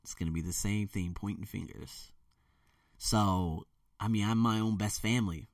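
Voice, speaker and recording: A man's voice: on the low side, moderate pace, no room sound, studio quality, far from the mic. Rambling man, off-mic. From United States. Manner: rambling and candid, quotes others in a mimicking voice. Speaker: vlogger. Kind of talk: personal storytelling monologue.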